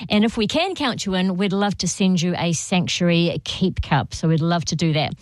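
A woman hosting a radio fundraising drive, bright and encouraging. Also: medium pitch, no echo. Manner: bright, encouraging, apologetic host patter. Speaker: radio host. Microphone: studio microphone.

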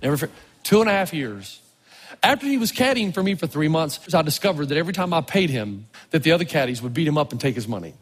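A male pastor preaching a storytelling sermon, animated, swinging from low murmurs to loud exclamations, with a husky voice. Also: quick pace. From Tennessee. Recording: long reverb of a large hall.

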